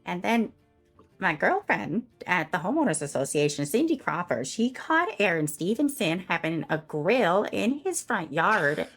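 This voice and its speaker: A woman's voice: fairly low pitch, big pitch swings, a little slow, faint music behind, pitched above the performer's own voice, exaggerated voice. A woman voicing an entitled, gossiping middle-aged Midwestern woman in a tabletop role-play, with a Midwestern accent and a chirpy, prim, chattering manner. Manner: rambling gossip with folksy exclamations.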